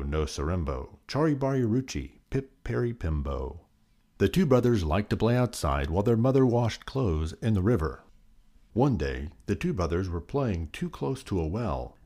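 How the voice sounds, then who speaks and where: A man reading a children's folk tale aloud in a sing-song, expressive storyteller's manner. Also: low-pitched.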